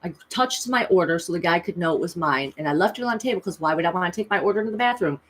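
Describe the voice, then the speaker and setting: Emotional confessional woman, lowish voice. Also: animated, fast talker, slight background noise. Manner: emotional, confessional, rises high when recalling pleas. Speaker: tarot reader and vlogger. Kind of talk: personal storytelling vlog.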